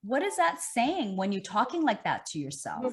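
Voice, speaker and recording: A middle-aged woman fitness coach, talking in an animated, emphatic way with lots of repetition during an online interview. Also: a little high, moderate pace.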